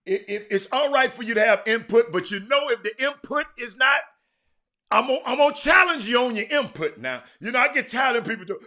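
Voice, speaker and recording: A man hosting a live sports talk show, chatting with viewers by name, animated and repeating words as he goes. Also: very high voice, fairly quick. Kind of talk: live-stream chat with viewers.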